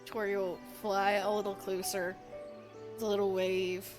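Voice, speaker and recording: A woman's voice: mid-range voice, little pitch movement, moderate pace, a little mellow, soft background music. A woman player in a tabletop game, casually describing what her character does. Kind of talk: tabletop role-play.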